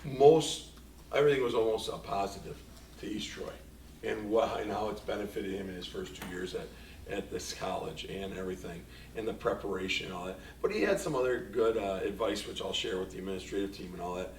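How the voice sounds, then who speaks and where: Recorded by a distant mic in an echoey meeting room with faint ambience and a little hiss or hum, a man speaks at a fairly low pitch and a little fast. He's a school superintendent delivering a rambling board meeting report full of anecdotes, quoting himself and a former student.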